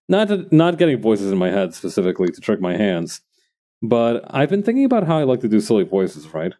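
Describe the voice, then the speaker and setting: Rambling low-voiced male streamer. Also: wildly swooping pitch, brisk, dark tone. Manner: rambling, thinking aloud to viewers. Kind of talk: casual chat while crafting.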